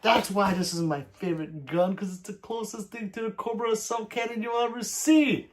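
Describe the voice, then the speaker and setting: A man's voice: high-pitched, normal speed, few pauses. A man hosting a livestream, reading viewer comments aloud in loose, profane casual chat and plugging subscriptions. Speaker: livestream host.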